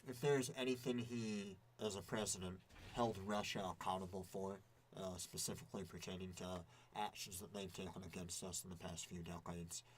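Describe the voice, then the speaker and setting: A man's voice: low voice, steady tone, moderate pace, slight background noise. A man chatting casually on a podcast, rambling with many restarts and fillers. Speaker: podcast co-host. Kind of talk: casual chat. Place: indoor podcast recording.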